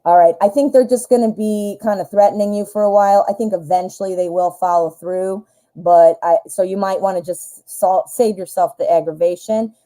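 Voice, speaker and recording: A woman's voice: medium pitch, fairly even intonation, moderate pace, warm tone, poor audio. A woman in her forties hosting a live tarot reading stream, chatting casually with fillers and self-corrections as she thinks aloud.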